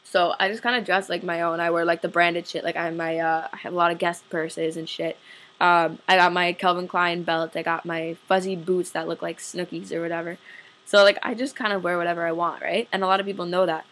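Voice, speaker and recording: A woman's voice: on the low side, little pitch movement, fairly quick, a bit bright. A young adult woman, venting to camera in a casual storytime rant full of swearing and "like". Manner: profane, fired-up, heavy use of "like". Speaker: vlogger.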